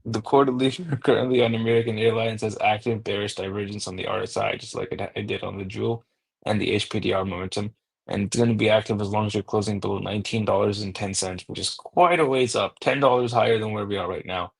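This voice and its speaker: A man walking through stock charts aloud, steady and number-heavy, thinking out loud as he goes. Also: fairly low pitch, quick pace, creaky, husky, no room sound, low-quality recording. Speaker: market analyst host. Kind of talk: technical chart analysis.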